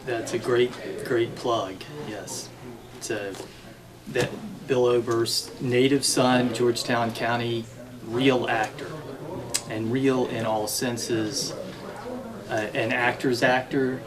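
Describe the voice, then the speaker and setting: A man hosting an interview, speaking in a halting way with frequent restarts. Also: mid-range voice, little pitch movement, crowd noise, low-quality recording. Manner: halting, many fillers and restarts. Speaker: host. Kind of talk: interview conversation.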